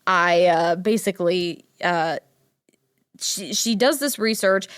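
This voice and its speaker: A young woman from Ohio hosting a casual solo podcast, talking in a chatty, animated way, full of "like" and acting out quotes in a higher voice. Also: slow, smooth, no echo, studio quality. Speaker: podcast host.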